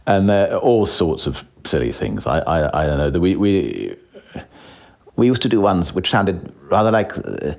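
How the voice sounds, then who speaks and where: A man's voice: sits low, sing-song, measured pace, vocal fry, darkish tone. A man in his sixties, an actor talking as a guest in a casual interview, self-deprecating with frequent chuckles and restarts.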